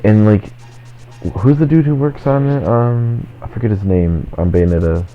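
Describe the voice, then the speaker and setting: A man with a very low, deep voice talks through a game session in loose, rambling chat, leaning on "like" in nearly every phrase. The recording is dull and lo-fi, with faint game music underneath. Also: normal speed. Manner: rambling, constant "like" fillers. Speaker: let's play host. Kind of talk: casual gaming chat.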